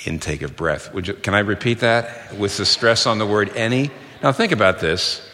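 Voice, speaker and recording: A man's voice: fairly low pitch, normal speed, bright, forceful tone, a little hiss or hum. A middle-aged man preaching a sermon in an earnest, emphatic way, quoting sources and repeating key phrases for stress. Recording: long hall reverb.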